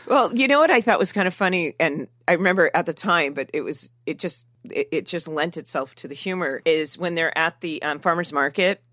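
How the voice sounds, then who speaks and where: A woman guest on a podcast, chatting casually and telling animated stories with frequent laughter. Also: low voice, a little fast, hardly any pauses, dry recording, clean studio sound. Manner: animated storyteller, laughs often. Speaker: guest actress.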